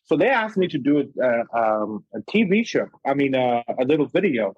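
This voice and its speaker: A man's voice: mid-range voice, a little fast, husky, dry recording. A Zimbabwean man with a blend of Zimbabwean and American accents, a chef telling stories as a guest in a casual interview. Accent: mixed Zimbabwean and American. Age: young adult. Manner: animated storyteller, stacks repeated starts. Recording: dull, dry lo-fi sound.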